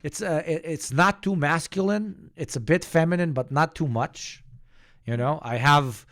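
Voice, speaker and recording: A man from the Balkans with a slight Slavic accent, a squeaky voice with deep undertones, chatting and joking on a stream and swearing freely. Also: a little slow, a bit bright. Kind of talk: casual stream chat.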